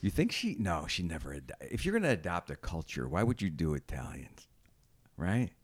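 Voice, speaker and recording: A man's voice: deep voice, sing-song, moderate pace, husky. A man co-hosting a casual comedy podcast, rambling through jokes and swearing freely. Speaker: podcast co-host.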